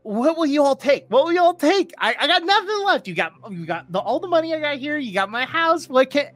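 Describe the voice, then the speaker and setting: The game master voicing a cocky, excitable male gambler who boasts loudly and babbles when things go wrong. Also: high-pitched, brisk, no echo, pitched above the performer's own voice. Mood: desperate boasting. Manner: boastful, babbling, rising to near shouts.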